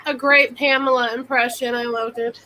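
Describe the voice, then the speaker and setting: A woman's voice: on the high side, flat delivery, normal speed, pushed and bright, slight background noise, low-quality recording. A woman guest on a casual live video chat, sounding a little sick, chatty and laughing. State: sick, congested. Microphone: computer mic on video call.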